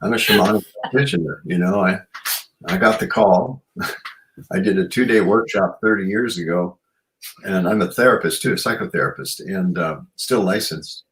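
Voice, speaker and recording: The rough recording carries slight background noise behind a man's deep, somewhat bright voice at normal speed. He is a guest author and shamanic practitioner reflecting earnestly in an interview, musing aloud and frequently saying "you know."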